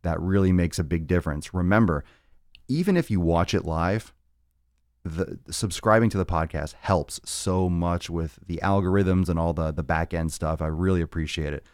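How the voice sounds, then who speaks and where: A man's voice: sits low, normal speed, darkish tone, dry recording, studio quality. A man hosting a live fitness podcast, talking in a rambling, joking way with plenty of swearing. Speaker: podcast host. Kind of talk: casual live-stream monologue.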